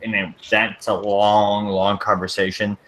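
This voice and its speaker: A man's voice: on the low side, a little slow. A man with a Southern US accent, talking casually in a group chat and saying "like" often. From Deep South of the US. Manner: animated, chatty, peppers speech with "like".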